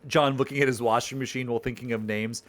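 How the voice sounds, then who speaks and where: A man's voice: medium pitch, steady tone, fast talker, fairly bright tone. A man streaming his own text game, reading its narration aloud and chatting playfully, rambling with restarts.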